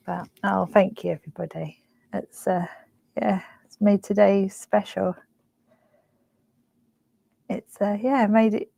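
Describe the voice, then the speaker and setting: A young woman hosts a craft live stream, gushing and emotional, chatting softly with plenty of fillers. Her mid-range voice is gravelly, and the audio is poor though free of echo.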